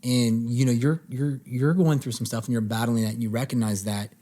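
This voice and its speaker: A man hosting a podcast, chatting casually in a relaxed, rambling way with frequent restarts. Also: medium pitch, a little fast. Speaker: podcast host. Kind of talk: casual conversation.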